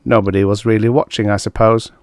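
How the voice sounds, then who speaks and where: A man's voice: fairly low pitch, flat delivery, quick pace, a little mellow, dry recording, clean studio sound, natural voice. A man reading aloud, voicing a small, wary man who turns eagerly boastful about a secret power. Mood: evasive. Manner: rueful, evasive, then eagerly boastful.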